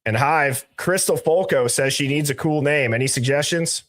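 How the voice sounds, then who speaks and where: A man's voice: a little high, moderate pace, fairly bright tone. Casual man hosting a live stream. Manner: greets viewers by reading chat usernames aloud; loose, conversational, jokey asides. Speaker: livestream host.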